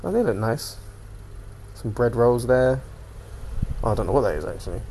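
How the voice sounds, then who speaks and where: A young man talks through a casual solo podcast at an ordinary middle pitch. He rambles from one topic to the next and swears casually. A faint noise floor sits under the recording. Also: sing-song, moderate pace, dark tone. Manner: rambling, swears freely, jumps between topics. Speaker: podcast host.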